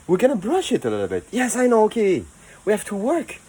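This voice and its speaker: A man with a French accent, hosting a casual how-to video, chatty and enthusiastic, with soft asides now and then. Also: high-pitched, wildly swooping pitch, a little fast, slight background noise, low-quality recording. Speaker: eco-cleaning video host.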